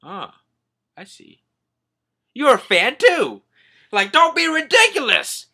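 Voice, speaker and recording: A man voicing a goofy, polite, lecherous old skeleton gentleman in a high, squeaky voice. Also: huge pitch swings, measured pace, exaggerated voice. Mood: sly.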